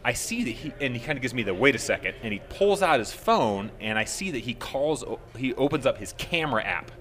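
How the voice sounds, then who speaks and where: A man co-hosting a podcast, telling a story in casual chat, animated and swearing freely as he acts out what others said. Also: medium pitch, fairly quick. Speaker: podcast co-host.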